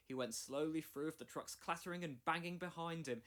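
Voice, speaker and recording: A man's voice: on the high side, a bit bright. Man reading a storybook aloud. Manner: clear, measured storytelling. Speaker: storybook reader. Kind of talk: read-along story narration.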